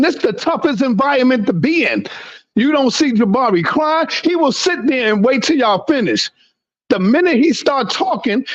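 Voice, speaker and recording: Man ranting loudly in a heated debate. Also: very high voice. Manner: loud, profane, lecturing. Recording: dull lo-fi sound.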